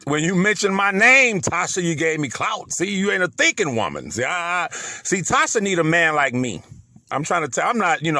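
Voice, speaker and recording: Gravelly, lively-voiced man ranting. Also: on the high side, no room sound. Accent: Southern US. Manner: emphatic, preachy, repeats words. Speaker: commentator. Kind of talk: heated commentary.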